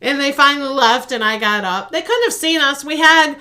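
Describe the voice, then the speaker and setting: A woman's voice: sits high, brisk, sharp tone. A woman co-hosting a casual podcast, telling family stories and laughing through them. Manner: storytelling, laughing through anecdotes. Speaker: podcast co-host. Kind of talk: casual chat.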